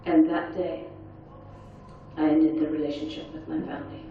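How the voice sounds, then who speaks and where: A woman speaker at a conference panel, telling her own story in an earnest, quiet and intense way. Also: deep voice, flat delivery, normal speed, a little hiss or hum. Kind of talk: personal testimony talk. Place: large conference hall. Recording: echoey, dull hall sound from far off.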